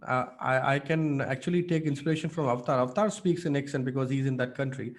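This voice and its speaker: A man coaching public speaking in an online mentorship session, energetic and demonstrative with many fillers. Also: mid-range voice, quick pace.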